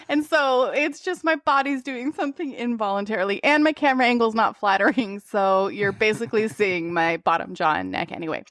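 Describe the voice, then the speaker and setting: Brief: woman podcast co-host, lively pitch, laughs often, dry close mic. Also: moderate pace, no echo. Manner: giggly, animated storytelling. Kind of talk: casual rewatch podcast chat.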